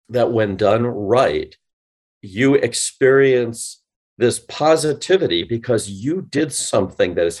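A man being interviewed on a podcast, explaining with animated, demonstrative delivery and acting out example phone lines. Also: medium pitch. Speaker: guest, sales company CEO.

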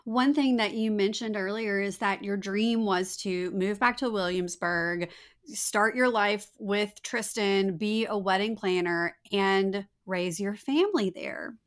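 A woman's voice: mid-range voice, measured pace. A woman hosting a casual podcast interview, reacting to her guest with effusive encouragement. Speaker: podcast host.

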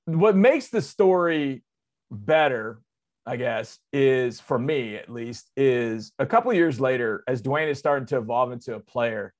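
A man in his forties hosts sports radio and spins a yarn with plenty of energy. His voice sits at an ordinary middle pitch. He jumps between loud, excited bursts and quieter asides, talking casually and loosely throughout. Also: unhurried. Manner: animated, excitable storyteller with big swings in loudness and pitch; conversational, drops into loose asides. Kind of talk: casual on-air storytelling.

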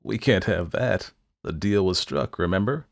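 A man reading a story, voicing a cunning, menacing devil in a slow, lowered voice. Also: lively intonation, vocal fry, full character voice. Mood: smug. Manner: low and measured. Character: cunning, menacing male devil, coldly smug.

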